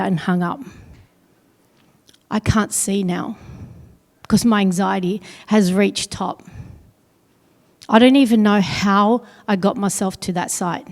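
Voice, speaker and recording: A woman's voice: medium pitch, vocal fry, a little mellow. Earnest woman in a reverberant hall. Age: middle-aged. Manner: earnest, heavy pauses, quotes others in dialogue. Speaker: speaker at an awards event. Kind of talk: personal story told on stage.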